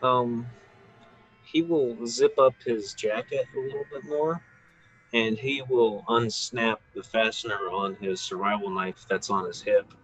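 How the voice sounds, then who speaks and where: A man's voice: medium pitch, fairly even intonation, a little slow, fairly bright tone, slightly rough, dull audio. A man playing a tabletop game in character, playful and laughing, slipping into a mock accent. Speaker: player.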